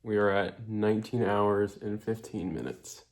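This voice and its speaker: A man's voice: fairly low pitch, steady tone, unhurried. A sleepy, worn-out young man vlogging late at night, making jokey, rambling asides. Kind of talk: casual to-camera commentary. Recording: music playing loud behind.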